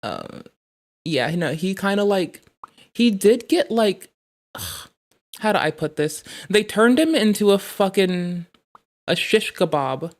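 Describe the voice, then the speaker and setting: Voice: mid-range voice, sing-song, slow pace. Rambling, profane streamer. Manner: rambling, profane, comic storytelling. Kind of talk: casual chat.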